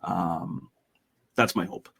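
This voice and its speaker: A man's voice: deep voice, slow, creaky, a bit bright, breathy edge. A middle-aged man, a podcast guest, talking earnestly and retelling a parable in a conversational way. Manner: retells a parable, voicing characters lightly.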